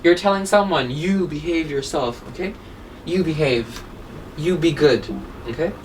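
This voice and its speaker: A woman's voice: low-pitched, measured pace. A woman teaching an English grammar lesson, explaining each point step by step and checking with "right?" after nearly every sentence. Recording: voice a little distant from the mic, faint room hum.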